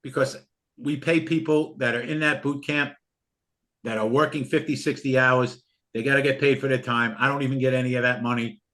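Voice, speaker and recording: Pushy, heartfelt older man pitching a course. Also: fairly even intonation, fairly quick, a bit bright. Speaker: trading course host. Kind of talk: live online class sales pitch.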